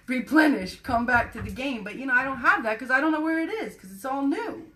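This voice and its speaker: A woman's voice: high-pitched, animated, a little fast, bright, forceful tone. A woman talking candidly to camera in a rambling, self-reflective personal monologue, swearing casually. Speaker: personal vlogger.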